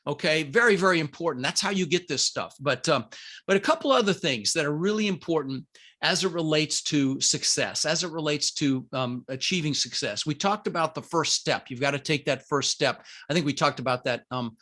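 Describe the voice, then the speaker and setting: Middle-aged man, higher-pitched voice, energetic motivational interview guest, emphatic and punchy, talking from home. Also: fairly quick. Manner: emphatic, punchy, addresses listeners as "guys". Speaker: guest, business coach. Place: home room with green screen.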